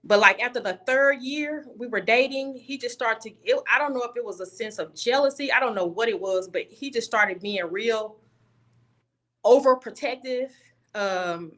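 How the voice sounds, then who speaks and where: A woman's voice: on the high side, normal speed, a bit bright. A young woman guest on a video call, telling a personal story candidly and bluntly, often restarting her sentences.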